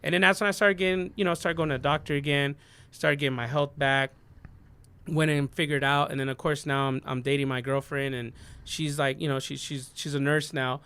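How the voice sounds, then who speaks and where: A man's voice: fairly high pitch, fairly even intonation, fairly quick, bright, forceful tone, clean tone. A man in his thirties, a DJ guest on a podcast, telling his story in an earnest, rambling way full of "like" and "you know what I mean.". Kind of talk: casual storytelling interview.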